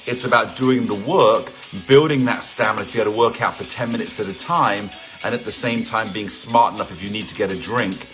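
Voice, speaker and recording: Speaking on the low side and at a brisk pace, a middle-aged man from England hosts a live workout from home. He keeps things casual, says hello to viewers by name and jokes around while faint music plays behind him.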